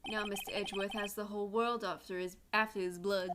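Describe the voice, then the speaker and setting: A woman putting on a gruff New York cop. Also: mid-range voice, steady tone, a little fast, noisy background, natural voice. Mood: earnest. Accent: New York put-on accent. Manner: drawling, hesitant, with stumbles. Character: gruff loyal male police detective. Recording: loud game music behind.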